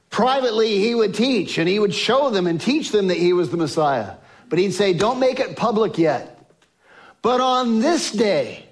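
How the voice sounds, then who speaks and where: A man preaching a sermon, emphatic, swinging from exclamations to hushed tones. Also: high-pitched. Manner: acts out quoted speech of biblical figures.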